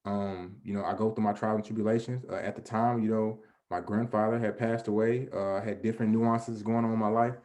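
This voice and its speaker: A man's voice: fairly low pitch, flat delivery, a little fast, few pauses, a little mellow. Earnest man giving a motivational talk. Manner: earnest, conversational, often restarts and says "you know"; asks and answers his own questions. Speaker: guest presenter. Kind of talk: motivational presentation.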